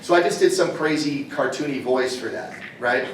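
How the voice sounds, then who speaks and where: A man voice actor answering fan questions on a convention panel, an animated storyteller who cracks jokes. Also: mid-range voice, slight background noise. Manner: animated storyteller, quick jokes, slips into impressions. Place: convention hall. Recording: echoey hall, mic far off.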